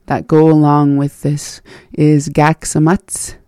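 A language lesson host who teaches phrases slowly, says each one in parts and gives its meaning. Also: mid-range voice, monotone, warm tone, clear, resonant tone, no echo, clean studio sound. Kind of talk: teaching phrases by slow repetition.

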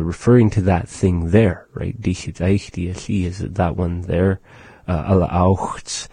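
Man, language teacher, deep dark husky voice, slow and measured, dry close sound. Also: dry recording. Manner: slow and measured, with many filler "uh"s. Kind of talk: language lesson.

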